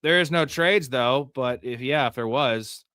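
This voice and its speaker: A man hosting a live fantasy football stream, reacting to a draft pick by pick with frequent swearing and sudden yelled outbursts. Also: medium pitch, unhurried, no room sound, studio quality. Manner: profane, frustrated, outbursts of yelling.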